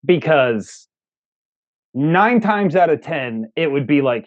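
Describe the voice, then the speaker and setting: A man's voice: a little high, sing-song, slow pace, dull audio. A man co-hosting a movie review, emphatic and enthusiastic as he praises favorite lines. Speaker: co-host of a movie review show. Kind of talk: casual review chat.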